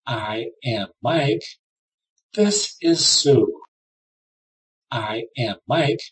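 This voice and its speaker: A woman reading words and short phrases aloud in a drill, saying each one twice and clearly. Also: extremely low pitch, drawn-out words, far from the mic, rough recording. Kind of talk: slow repeat-after-me drill.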